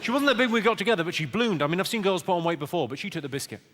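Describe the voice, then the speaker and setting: A male stand-up comedian, delivering deadpan one-liners with quick asides to a live audience. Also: sits high, in a large hall, a little hiss or hum. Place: large theatre stage with audience. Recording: live theatre recording, loud audience. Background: loud audience laughter.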